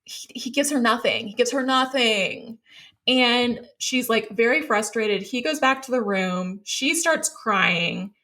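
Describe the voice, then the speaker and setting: A woman co-hosting a pop culture podcast, recapping a reality show in a lively casual chat. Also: fairly high pitch, a little slow. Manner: animated recapping, acts out quoted people. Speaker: podcast co-host.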